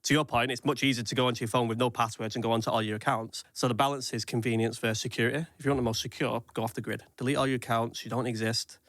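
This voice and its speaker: A man talks through online security in a chatty podcast, laying things out as quick practical lists. His voice sits in an ordinary middle register, recorded close and dry. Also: mid-range voice, fairly even intonation, fairly bright tone, no echo. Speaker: cyber security expert guest. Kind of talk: casual podcast chat.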